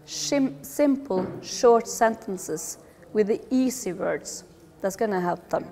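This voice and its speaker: A middle-aged woman giving a lively public talk about children's behaviour, with humorous asides. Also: mid-range voice, slow. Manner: lively, acts out quoted voices, humorous asides.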